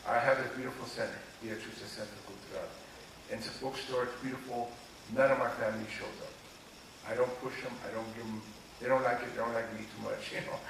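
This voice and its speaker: Animated older man in an echoey room. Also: medium pitch, fast talker, gravelly. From Los Angeles, USA. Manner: animated, confiding, often checks the listener follows. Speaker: author being interviewed. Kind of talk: candid personal storytelling. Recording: echoey room, distant mic, noisy ambience.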